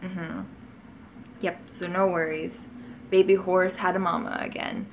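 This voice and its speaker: A woman's voice: on the low side, little pitch movement, a little slow, gravelly, a little hiss or hum. A woman vlogger telling childhood stories in a casual, rambling way, often laughing and adding asides. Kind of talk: casual storytelling to camera.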